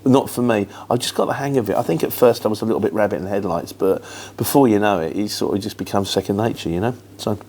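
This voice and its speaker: Talking fast on the low side with a darkish tone, a middle-aged man from Luton, England, with a London-influenced accent, answers viewer questions. The chat is casual, rambling, and matter-of-fact, with a little hiss or hum.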